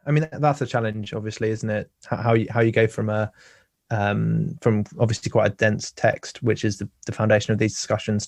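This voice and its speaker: Halting male podcast host. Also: on the low side, creaky, no echo. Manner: halting, repeats words often. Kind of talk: conversational podcast interviewing.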